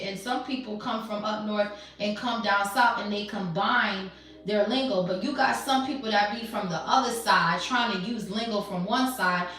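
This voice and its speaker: A woman runs a casual tarot reading, blunt, profane and thick with slang, her voice a touch high. She sits back from the mic in a very echoey room, so her words ring out and land a little distant. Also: a bit bright. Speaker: tarot reader.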